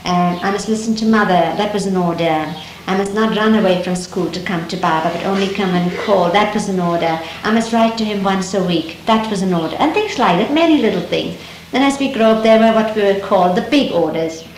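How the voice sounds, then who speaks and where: Middle-aged woman, Dari native, mid-pitched, unhurried reflective storyteller; 1970s tape, roomy and lightly hissy. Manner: gentle, unhurried, reflective, with many pauses and restarts. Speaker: speaker recounting memories. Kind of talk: reminiscing storytelling talk. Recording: roomy archival 1970s tape with faint hiss.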